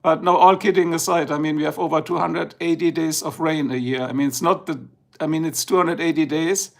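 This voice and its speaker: A man's voice: a little high, steady tone, fairly quick, gravelly. A middle-aged man with a German accent, chatting casually and rambling on a livestream, just woken up. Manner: chatty, rambling, switches between English and German. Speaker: livestream host.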